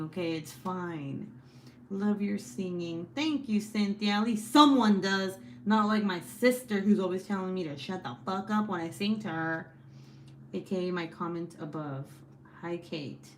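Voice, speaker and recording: A young woman hosting a casual livestream, reading chat and teasing her sister with loud, swearing jokes and frequent laughs. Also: mid-range voice, slight background noise. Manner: loud, joking, swears a lot, laughs often.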